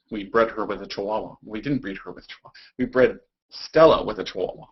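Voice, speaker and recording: Young guy goofing around on a live stream, husky voice, muffled lo-fi webcam sound. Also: mid-range voice, brisk. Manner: goofy, rambling, breaks into silly voices. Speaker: vlogger. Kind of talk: casual live stream chat. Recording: dull lo-fi webcam audio.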